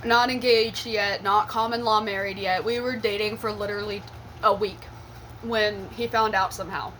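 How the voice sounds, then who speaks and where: A woman's voice: medium pitch, fairly even intonation, moderate pace, fairly bright tone, slight background noise. A young adult woman telling a personal story in a casual storytime vlog, blunt and profane with laughing asides.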